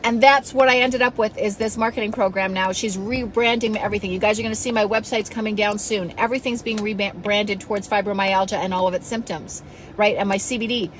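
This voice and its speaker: A woman's voice: medium pitch, fairly even intonation, brisk, slight background noise, poor audio. A woman coach giving a passionate, blunt motivational talk to her followers, scolding them now and then and swearing casually. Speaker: self-help coach.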